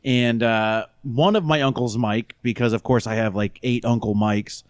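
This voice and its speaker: A man co-hosting a podcast, telling a rambling anecdote and loudly acting out the voices of the people in it. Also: medium pitch, fairly even intonation, normal speed, smooth, dry recording. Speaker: podcast co-host. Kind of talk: casual chat.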